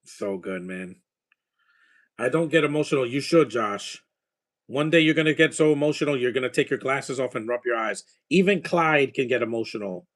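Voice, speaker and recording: A man with a medium-pitched voice talks at a normal speed while watching a movie. He's chatting casually and reacting, rambling enthusiastically about films and their scores.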